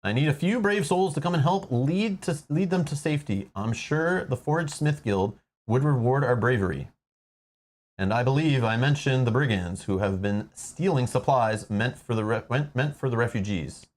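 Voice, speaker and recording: A man voicing a poised, reserved noble baroness while reading a board game's story text aloud, in a formal, measured way. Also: medium pitch, expressive, lightly acted. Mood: urging.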